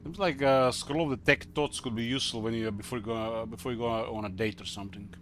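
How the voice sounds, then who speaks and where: A man's voice: mid-range voice, fairly even intonation, background noise. A man streaming a video game live, chatting casually and rambling with lots of fillers. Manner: rambling, halting with many fillers. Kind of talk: casual live gaming commentary.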